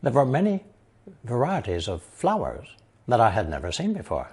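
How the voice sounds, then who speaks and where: A man narrating a scripted language lesson, explaining slowly and carefully and reading example sentences aloud. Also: medium pitch, wildly swooping pitch, darkish tone, slightly rough. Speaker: language teacher.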